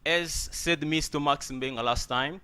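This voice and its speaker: A man's voice: a little high, a little slow, pushed and bright, smooth. A man whose first language is not English, teaching English pronunciation and word stress, often repeating words and asking "okay?". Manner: addresses listeners as brother. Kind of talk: spoken pronunciation lesson.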